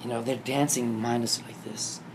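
A man casually telling a vivid dream story, acting out the scenes and getting animated and higher when excited. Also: moderate pace. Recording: noisy background ambience.

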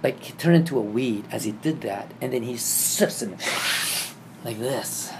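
A man casually telling a vivid dream story, acting out the scenes and getting animated and higher when excited. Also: a little slow. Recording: noisy background ambience.

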